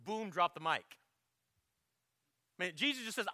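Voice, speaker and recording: Male pastor, higher-pitched and bright, emphatic sermon delivery, dry close sound. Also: animated, normal speed, pauses often, dry recording. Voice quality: clears throat often. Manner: emphatic preaching, swelling loud on quotes, dropping low to reflect.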